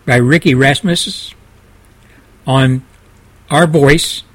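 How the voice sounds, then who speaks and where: An older man hosting a radio show, delivering a fiery, preachy monologue with swings between loud and low intensity. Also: slow, poor audio. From Southern United States.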